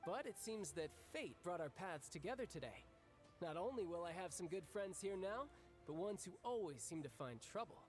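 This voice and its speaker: A man voicing a charming, smug young male banker-warrior in a video game, smooth and teasing. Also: high voice, lively intonation, moderate pace, soft background music. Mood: breezy. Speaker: game character.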